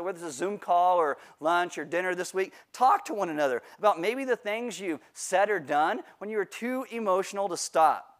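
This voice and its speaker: High-voiced man preaching with humor. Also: fairly bright tone. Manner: joking, self-mocking storyteller. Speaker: pastor. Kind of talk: sermon with humorous personal story. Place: church livestream.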